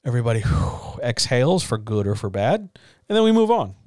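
A man's voice: medium pitch, very animated, a little fast, a little mellow, no room sound. Man, writing coach, casual advice talk, frank, reassuring, dry close sound.

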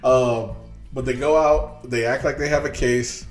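A man chatting casually about movies in an animated, profane way, acting out scenes as he retells them. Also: medium pitch, measured pace, faint music behind.

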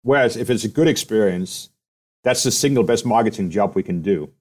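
A man's voice: fairly low pitch, lively intonation, brisk, a little mellow. A man being interviewed as a company president, explaining at length and often ending his points with "right?" or "okay?". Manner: explanatory, often ends points with tag questions. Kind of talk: conversational interview.

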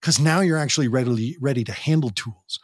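Animated man with a husky voice. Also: mid-range voice, quick pace, dry recording, studio quality. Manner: animated, acts out parents and teens in quoted voices. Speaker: guest, youth program director. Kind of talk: podcast interview.

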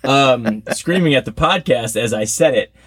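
A man's voice: moderate pace, husky. A man co-hosting a podcast, chatting casually and poking fun at himself. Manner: chatty, self-mocking, animated swings in pitch. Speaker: podcast co-host.

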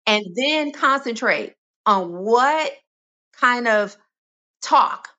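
A woman speaking as a self-love expert in a podcast interview, expressive and animated, sometimes dropping to a soft reflective tone. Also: fairly low pitch, lo-fi sound. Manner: animated and expressive, acting out inner voices with laughs.

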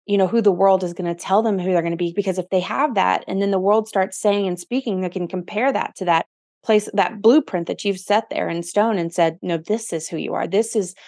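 A woman's voice: medium pitch, fairly even intonation, fairly quick, a little mellow, dry recording. Woman, podcast host, earnest, reflective, dry close sound. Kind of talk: casual podcast interview.

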